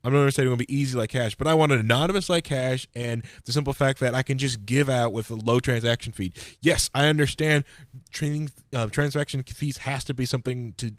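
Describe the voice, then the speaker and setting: A man co-hosting a political podcast in casual chat, rambling and building up steam as he talks. His voice sits at a middle pitch. The sound is dry and close. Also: fairly even intonation, fairly quick, dry recording. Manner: rambling, gets worked up and loud. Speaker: podcast co-host.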